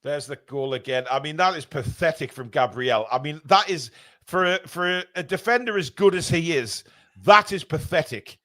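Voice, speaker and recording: A man with a high, voice calls the match live for fellow fans. He is excitable, bursting into shouts on attacks and slipping into sweary, jokey banter with his co-host. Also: normal speed. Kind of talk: fan watchalong commentary.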